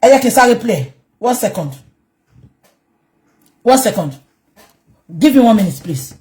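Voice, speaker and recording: Brief: Nigerian Yoruba-accented woman commentator, high and animated, emphatic, raises her voice often. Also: normal speed. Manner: emphatic, switches between English and Yoruba, bursts into shouting. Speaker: online commentator. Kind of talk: heated commentary vlog.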